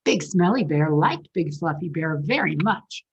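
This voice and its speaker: A woman's voice: sits low, a little slow, lo-fi sound, a little hiss or hum. A woman librarian reading a picture book aloud at a children's story time, asking the kids questions as she goes. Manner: animated, asks the children questions.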